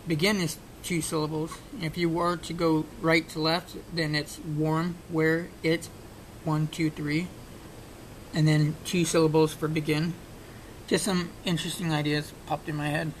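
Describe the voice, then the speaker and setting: A man, thinking aloud as he works through a puzzle, with many fillers and restarts. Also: rough recording. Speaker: puzzle-solving video creator. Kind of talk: casual on-screen analysis. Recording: faint rumbling background noise.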